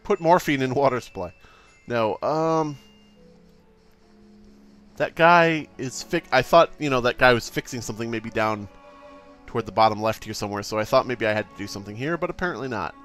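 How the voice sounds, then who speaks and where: A man doing let's play commentary, exasperated, swearing a lot and reading the game's options out loud. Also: medium pitch, normal speed, soft background music. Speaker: gaming YouTuber.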